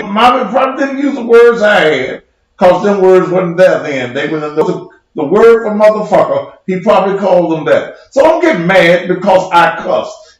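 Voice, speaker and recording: A man who preaches and hosts his own show, in a heated livestream rant, profane, combative and mocking. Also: sits high. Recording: very echoey room.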